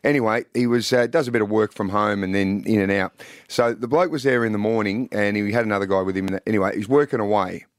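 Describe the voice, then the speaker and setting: A man with an Australian accent hosting a breakfast radio show, telling stories in an animated, chatty way. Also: fairly low pitch, quick pace, dry recording, clean studio sound. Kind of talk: casual radio chat. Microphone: studio microphone.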